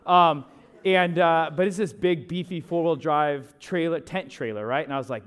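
A young man, a pastor, telling a chatty, animated story from the pulpit, with asides to the listeners. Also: on the high side, moderate pace. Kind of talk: storytelling sermon.

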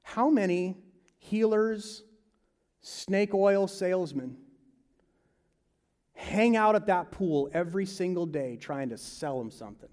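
A man preaching a sermon, swinging from loud to hushed, slipping into quick mimicry of salesmen and advisers. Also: sits high, animated. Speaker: pastor.

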